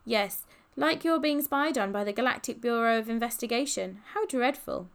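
A woman voicing an excitable, old-fashioned posh schoolgirl in an audiobook. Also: a little high, moderate pace, clean tone, natural voice. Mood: gushing. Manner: gushing, breathless, old-fashioned.

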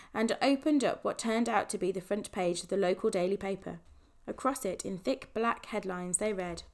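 A woman narrating a children's novel aloud in a measured, expressive reading, shifting voices for the characters. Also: mid-range voice. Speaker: audiobook narrator. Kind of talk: storybook reading.

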